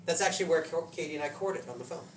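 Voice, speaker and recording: A man's voice: fairly high pitch, rapid-fire. A man preaching a casual sermon, telling stories with laughs and voiced asides. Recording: roomy hall from a distant mic with noise.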